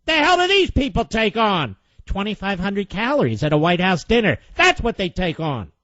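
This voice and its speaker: A man's voice: high-pitched, sing-song, normal speed, fairly bright tone, dry recording. A man hosting a political radio talk show, sarcastic and indignant as he mocks the clips he plays. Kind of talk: combative political radio commentary. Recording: muffled lo-fi broadcast audio.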